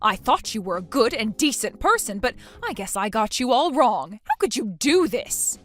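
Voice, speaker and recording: A woman's voice: a little high, sing-song, moderate pace, soft background music. A woman voicing an indignant mother-in-law who scolds her daughter-in-law with accusing, rising outbursts, reading a text message story. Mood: scolding.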